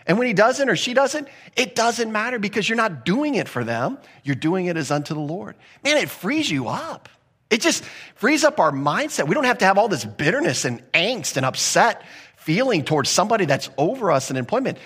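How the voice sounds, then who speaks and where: Male pastor, sermon delivery, talky and direct, slightly high-pitched, builds emphasis. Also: big pitch swings, a little fast, fairly bright tone, slightly rough. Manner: conversational preaching with acted asides and rising emphasis.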